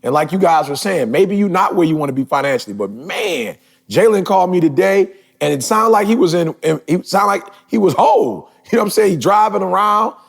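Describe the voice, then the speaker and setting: Man, 40s, podcast host. Gravelly, slightly high-pitched, emphatic and rising. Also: lively intonation, fairly quick. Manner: emphatic, building to shouts. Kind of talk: casual podcast talk.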